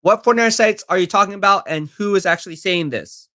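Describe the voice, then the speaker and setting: A man streams football talk live, speaking fast in a high-pitched, bright, forceful voice. He picks out viewer comments and replies to them in a self-assured, chatty style.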